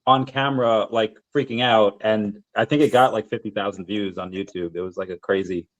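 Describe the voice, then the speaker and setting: A man hosting a podcast in casual chat, retelling a story in a relaxed way and pausing to search for words. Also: fairly low pitch, lo-fi sound. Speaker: podcast host.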